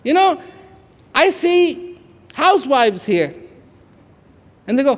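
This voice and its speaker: A man in his fifties from India, speaking, gives an inspirational speech to an audience. He repeats phrases for emphasis and swings between hushed and loud. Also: very high voice, huge pitch swings, slow pace, long pauses. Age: 50s. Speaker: public speaker. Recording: echoey large hall.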